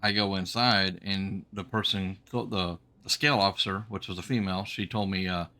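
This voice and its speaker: A man's voice: low-pitched, fairly even intonation, moderate pace, bright, forceful tone. Folksy man rambling while gaming. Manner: rambling, folksy, many ums and restarts. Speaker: trucking game streamer and former truck driver. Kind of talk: casual storytelling while gaming.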